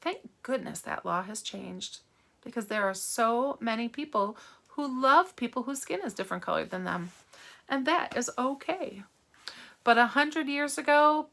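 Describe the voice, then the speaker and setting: Bright-voiced woman reading to kids. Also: fairly high pitch, vocal fry. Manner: gentle, questioning, teacherly. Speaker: read-aloud narrator for children. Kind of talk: reading a novel aloud with questions to kids.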